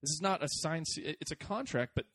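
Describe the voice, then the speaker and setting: Animated man ranting on a podcast. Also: fairly high pitch, fairly quick. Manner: animated, swearing, jokey rants. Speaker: podcast co-host. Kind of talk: casual soccer podcast banter.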